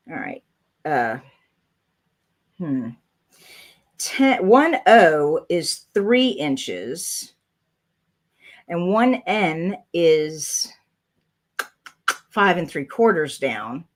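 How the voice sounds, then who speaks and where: Woman in her fifties, lowish voice, chatty live craft tutorial, rambling and thinking aloud. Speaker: crafting channel host.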